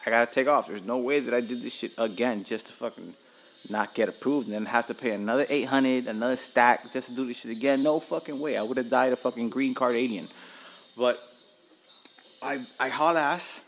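Gravelly-voiced man telling stories on his podcast. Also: mid-range voice, fairly quick, a little hiss or hum. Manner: animated, profane, laughs at himself. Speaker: podcast host. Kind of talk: casual storytelling podcast.

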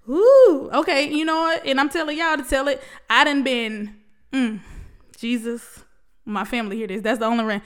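Woman vlogger, high voice, emotional preachy pep talk, calls her listeners baby. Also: fairly bright tone, clear, resonant tone. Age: adult, past college. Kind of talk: heartfelt motivational talk to camera.

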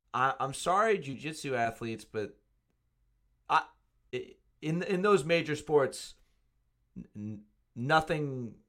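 A man co-hosting a podcast, talking casually and searching for words in halting, measured remarks. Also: mid-range voice, fairly bright tone. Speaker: podcast co-host.

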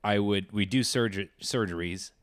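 A young man co-hosting a casual podcast, playful and animated, often laughing. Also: lowish voice, normal speed, clean tone, no room sound, studio quality. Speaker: podcast co-host.

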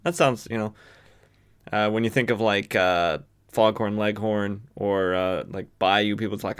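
A man's voice: lowish voice, moderate pace, a bit bright, smooth. A man from the western United States hosting a podcast, casually recapping a comic book with lots of fillers and self-corrections. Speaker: podcast host.

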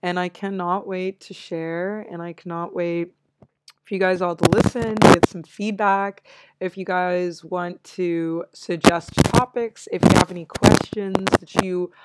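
Chatty young American woman, lowish voice. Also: fairly even intonation, measured pace, very noisy. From United States. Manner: chatty, upbeat, laughs often. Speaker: podcast host. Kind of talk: casual solo chat.

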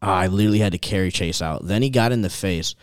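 A young man hosting a casual chat, telling a rowdy night-out story in an animated, profane way and laughing along as he goes. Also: low-pitched, fast, clear, resonant tone, no room sound, clean studio sound. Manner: animated, profane, laughs through his stories.

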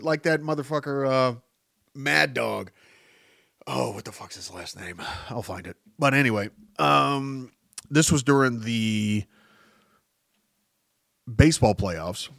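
A man's voice: medium pitch, slow pace, vocal fry, no echo, clean studio sound. Rambling, profane male podcast host. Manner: rambling, profane, jumping between tangents; animated, voice jumping up for emphasis. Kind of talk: casual rambling monologue.

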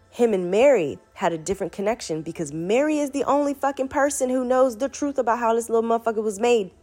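A woman's voice: lowish voice, darkish tone. A sick young woman casually retelling a spiritual story, rambling and profane, talking straight to her listeners. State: sick, foggy-headed.

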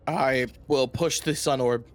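A man playing in a tabletop game, reacting excitably and swearing often. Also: medium pitch, unhurried. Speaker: player. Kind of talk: casual game chat.

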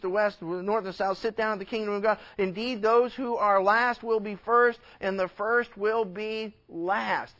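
A man preaching a sermon as a pastor, earnest and emphatic, sometimes dropping to a hush. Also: sits high, muffled recording.

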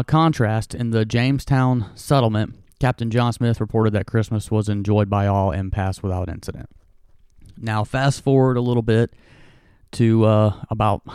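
Low-voiced man, casual rambling history host, dry close sound. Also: darkish tone, smooth, no echo. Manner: rambling, jokey asides, many fillers.

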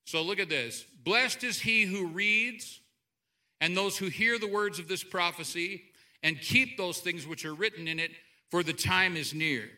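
A man preaching a sermon to a church congregation, animated, swinging between loud outbursts and quiet asides. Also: high-pitched, a little slow. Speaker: pastor. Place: church sanctuary.

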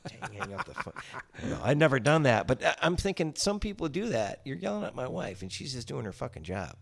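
Middle-aged male guest, gravelly and animated, rambling casual talk with swearing. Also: mid-range voice, brisk, hardly any pauses. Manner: rambling, many restarts, salty language. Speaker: podcast guest. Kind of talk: casual chat.

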